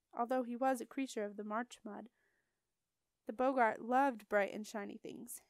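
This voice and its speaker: A woman reading a children's fantasy audiobook aloud in an even storytelling manner. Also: mid-range voice, dry recording. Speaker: audiobook reader. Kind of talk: audiobook narration.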